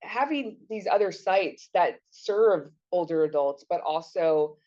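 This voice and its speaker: A woman professor reads passages from her own book during a lecture. Her voice is low-pitched and her delivery is measured, with occasional restarts. The recording sounds a little muffled. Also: animated, warm tone. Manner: measured, with small restarts and fillers. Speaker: sociology professor.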